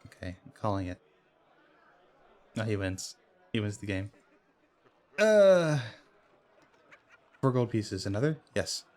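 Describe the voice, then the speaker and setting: A man talks through a video game dice match in unhurried, drawn-out phrases. His pitch swings widely as he calls bets, and he bursts out with laughs and curses at close calls. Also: sing-song, darkish tone. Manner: reads in-game dialogue aloud in plain voice. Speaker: gamer playing a dice game. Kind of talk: casual let's play commentary.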